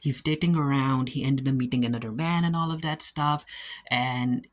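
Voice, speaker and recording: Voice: medium pitch, steady tone, moderate pace. A person casually recapping a TV episode, retelling scenes in a chatty way with playful paraphrased dialogue and plenty of "and I'm like". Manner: frequent fillers like "and I'm like". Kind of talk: casual spoken recap review.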